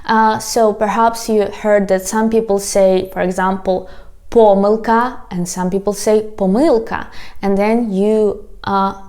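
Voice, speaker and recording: A woman's voice: mid-range voice, little pitch movement, a little mellow. A woman with a Ukrainian accent, a native Ukrainian speaker teaching an online language lesson, patiently repeating words and talking directly to her viewers. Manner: patient, addresses viewers as "guys", repeats words slowly for practice.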